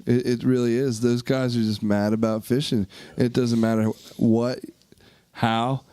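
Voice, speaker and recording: A man's voice: medium pitch, flat delivery, a little slow, dark tone. A man co-hosting a casual podcast, agreeing emphatically and restarting his sentences. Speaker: podcast co-host.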